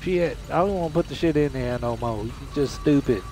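A young man giving casual commentary while playing a video game, excitable and cursing, often shouting at the game. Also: medium pitch, fairly quick, background noise. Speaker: gamer.

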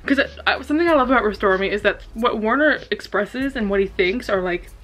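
A woman's voice: mid-range voice, expressive, fast talker, fairly bright tone, poor audio. A young woman vlogging her live reactions to a book, gasping, shrieking and swearing freely, recorded on a camera at home. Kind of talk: casual reading reaction vlog. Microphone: camera on a stand.

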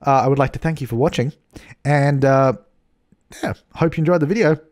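A man's voice: on the high side, brisk, darkish tone. A man casually narrating a home-building game video, rambling and correcting himself with jokey asides. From Australia. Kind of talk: casual gameplay commentary.

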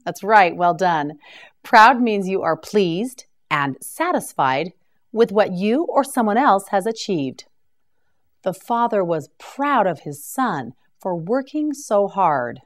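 A woman's voice: medium pitch, very animated. A woman teaching English vocabulary in a scripted drill, enunciating each word carefully and praising the learner. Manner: slow, carefully enunciated repetition with encouraging praise.

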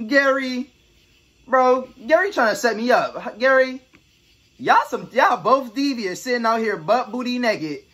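A man's voice: very high voice, lively intonation, measured pace, fairly bright tone. Goofy young man riffing over a horror game. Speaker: gaming YouTuber. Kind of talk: comedic let's play commentary.

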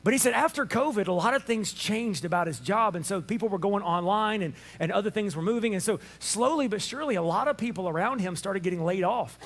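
Male pastor with a high-pitched voice, animated sermon storytelling that acts out the dialogue. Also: a little fast, hardly any pauses. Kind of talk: Easter sermon.

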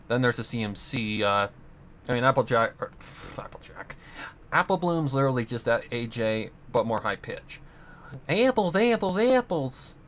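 A man's voice: lowish voice, fairly bright tone, slight background noise. A man chatting casually on camera in his room at home, rambling and correcting himself with frequent chuckles. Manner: meandering, self-correcting, chuckling often. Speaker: fan audiobook reader and voice actor. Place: home room with guitars and a keyboard.

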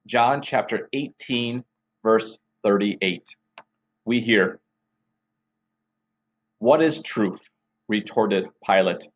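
A man, a pastor, reading scripture aloud and opening a devotion in a measured, deliberate way. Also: fairly low pitch, lo-fi sound.

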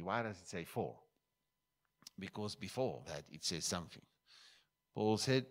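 A male pastor from South Africa preaching a sermon in a church, switching between loud emphatic bursts and quiet asides. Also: low-pitched, animated, unhurried, pauses often.

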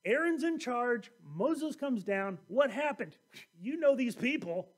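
A high-pitched male pastor delivering a sermon in a lively, storytelling manner. He retells scripture scenes and briefly slips into the voices of the people in them before coming back to his point. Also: slow pace. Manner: animated storytelling, acting out quoted voices.

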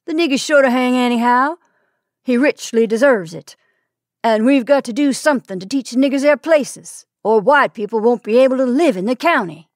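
A woman voicing a rough, blustering male mob leader who talks loudly and coarsely. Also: fairly high pitch, moderate pace, no echo, clean studio sound, pitched above the performer's own voice, lightly acted. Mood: menacing. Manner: loud, coarse, pushy.

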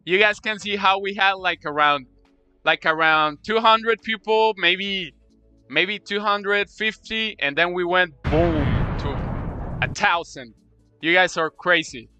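A man streaming a game live, talking to his chat in an excitable way, repeating himself and gushing thanks. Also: sits high, takes it slowly, smooth, soft background music. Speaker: Roblox streamer.

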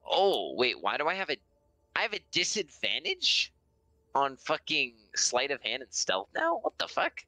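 Dnd player dude, super bouncy pitch, laughs a lot, dry mic. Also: male voice, huge pitch swings, a little slow, sharp tone, no room sound. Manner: laughs often, swings up high when surprised. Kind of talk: casual gaming chat.

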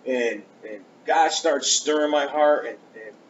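This is a storytelling sermon: a male preacher, mid-range in voice and measured in pace, earnestly recounts his testimony. He's animated and acts out conversations along the way, captured on a dull lo-fi church recording with faint hiss.

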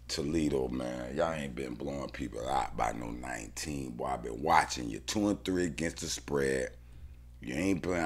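A man thinking aloud about his football bets in casual slang, often muttering to himself. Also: very deep voice. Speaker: sports bettor.

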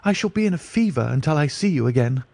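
Fretful sick young diplomat from a storybook, higher and keyed up, read by a man. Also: lively intonation, normal speed, vocal fry, darkish tone, dry recording. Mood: anxious. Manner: eager, fretful. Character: anxious young male diplomat, ill and fretful.

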